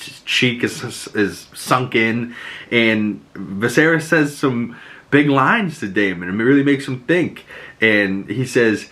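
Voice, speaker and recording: A man hosting a podcast, recapping a TV episode in loose, excitable casual chat and swearing freely. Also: medium pitch.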